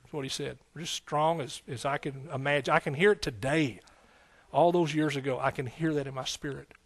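A man preaching a sermon as pastor and Bible teacher, in a folksy, energetic style that repeats its phrases and calls out "amen". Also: fairly high pitch, brisk.

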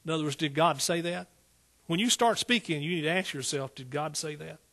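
Husky preacher man delivering a sermon. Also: a little high, brisk, sharp tone. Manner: rises to emphatic exclaiming peaks; Southern "y'all" speech.

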